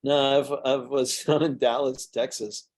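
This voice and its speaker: A man's voice: mid-range voice, level tone, unhurried. A middle-aged man, a mead maker, telling rambling anecdotes in a casual way at a tasting. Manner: rambling anecdotes with fillers and restarts. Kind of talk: casual storytelling during a tasting.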